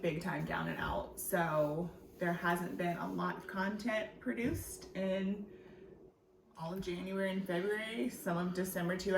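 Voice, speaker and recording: A woman's voice: fairly low pitch, gravelly, noisy background. A woman chatting casually to her vlog audience, laughing easily and saying "like" and "y'all" often. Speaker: vlogger. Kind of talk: casual family vlog chat. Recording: echoey room from a distance.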